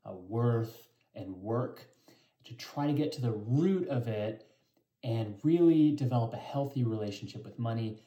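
A man with a mellow, warm tone talks earnestly and introspectively in a personal vlog. He pauses softly between thoughts. The room around him rings with a noticeable echo. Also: medium pitch. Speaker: vlog host. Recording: echoey room.

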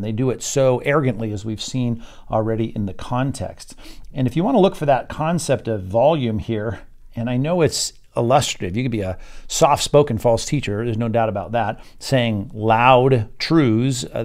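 A man teaching an evening Bible study as its pastor, reading verses aloud and explaining them while thinking aloud, with many pauses and repeated words. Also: mid-range voice, gravelly, a little mellow. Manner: reads scripture aloud then explains it.

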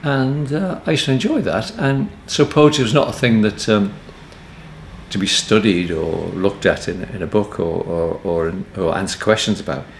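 A man's voice: lowish voice, normal speed, vocal fry, a little hiss or hum. A man in his eighties with a Liverpool accent, telling wry, meandering stories as a guest in an interview, often stopping and restarting his sentences. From Liverpool area, England. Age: 80s. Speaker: poet guest. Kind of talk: relaxed anecdotal interview answers. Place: hotel book room, indoors. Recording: roomy echo, faint ambience.

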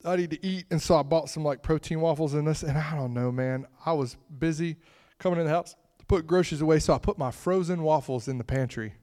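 A middle-aged man gives a sermon in a conversational, storytelling style, speaking quickly in a fairly high voice. He laughs through asides and swings between loud bursts and hushed remarks.

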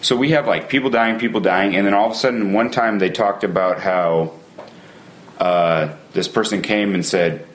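A man with a notably low voice hosts a casual podcast conversation about a book. He talks enthusiastically, with lively asides as he makes his points. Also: normal speed.

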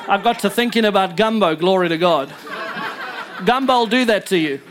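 A man's voice: high-pitched, lively intonation, a little fast, crowd noise, noisy background. A male pastor preaching a sermon in church, emphatic and joking with his congregation.

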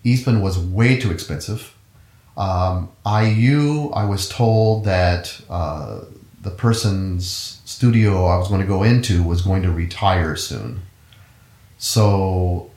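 A man's voice: low voice, darkish tone. A middle-aged man, a musician guest in an interview, telling his story in an easygoing, rambling way and often correcting himself. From United States. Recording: roomy echo.

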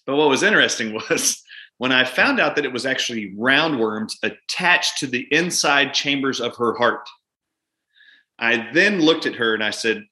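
A man, a doctor appearing as a guest, telling a long story from his practice in lively conversation and acting out both his own lines and his patient's. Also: medium pitch. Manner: animated, acts out both sides of a patient exchange.

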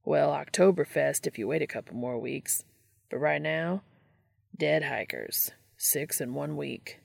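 A woman's voice: sits low, measured pace, gravelly, dry recording, clean studio sound, voice pushed down, full character voice. Ash, a woman doing a laid-back male informant. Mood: offhand. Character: easygoing male hunter contact, offhand informant.

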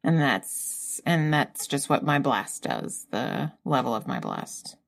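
A woman's voice: a bass voice, expressive, slow, vocal fry. A woman playing a tabletop game who asks a lot of questions and talks casually, often restarting her sentences. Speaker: player.

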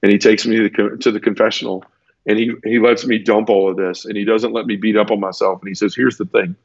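A man's voice: lowish voice, flat delivery, quick pace, creaky, no room sound, highs cut off. A man earnestly telling his personal conversion story in a conversational interview, tumbling through it with restarts. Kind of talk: conversational testimony.

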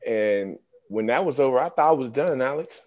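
At normal speed and with a medium-pitched voice, a former pro basketball player in his fifties recounts stories in a casual interview. He's animated, acting out the voices of the people he quotes.

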